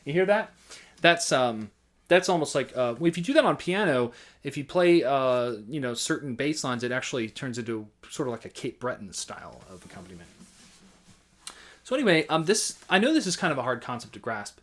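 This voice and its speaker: Relaxed male music teacher scatting rhythms. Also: mid-range voice. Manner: relaxed, halting, vocalizes rhythms with scat syllables. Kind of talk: casual instructional talk.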